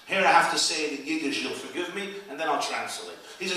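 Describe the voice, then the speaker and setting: High-voiced male rabbi, animated preacher, far off in a reverberant hall. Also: fast talker, few pauses. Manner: animated, rising to loud peaks, Yiddish phrases. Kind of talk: inspirational speech with storytelling. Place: event hall. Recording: echoey hall, speaker far from the mic.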